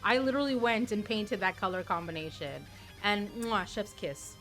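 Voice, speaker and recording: A woman's voice: medium pitch, normal speed, fairly bright tone, faint music behind. Female live-streamer, casual and chatty, stumbles into restarts, mid-range voice. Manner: playful, chatty, often repeats words as she restarts. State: tired.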